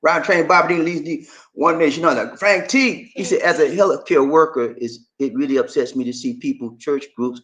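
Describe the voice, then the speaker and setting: Reading viewer comments on his casual livestream, this man greets people in an animated, chatty, emphatic manner and repeats phrases. He speaks at normal speed in a voice on the high side.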